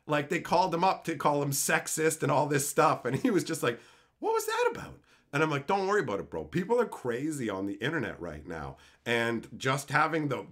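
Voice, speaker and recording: A male streamer talks through chat questions in a loose, profane rant. His voice sits somewhat high and bright, jumping all over in pitch as he laughs and swears between points. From Canada. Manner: loud, animated, frequent swearing and laughing.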